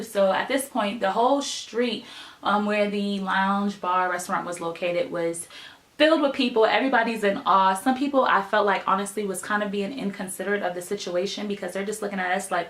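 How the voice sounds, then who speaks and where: A woman's voice: mid-range voice, moderate pace, roomy sound. A young woman, telling a personal story in casual vlog style with lots of emphasis and filler words. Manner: animated, emphatic storytelling with many "like" and "right?" fillers.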